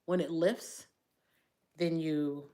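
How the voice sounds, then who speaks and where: Slow, teary, low-voiced woman talking live. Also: steady tone. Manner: rambling, sighing, soft-spoken, trails off. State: tearful, crying. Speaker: livestream host. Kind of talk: casual live chat to viewers.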